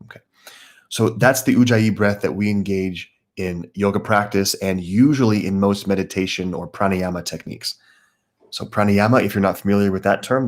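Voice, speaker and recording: A man teaching a live guided meditation class, calmly explaining breathing techniques and greeting viewers by name. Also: sits low.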